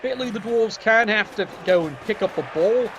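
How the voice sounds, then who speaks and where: A man's voice: sits high, moderate pace, a bit bright, lo-fi sound, a little hiss or hum. A man giving casual, jokey play-by-play commentary on a video game match, swearing freely and keeping a wry tone.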